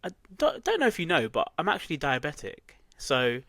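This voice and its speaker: A man, co-hosting a casual podcast chat as an animated storyteller who laughs at himself. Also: on the high side, fairly quick, vocal fry, no room sound. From England. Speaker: podcast co-host.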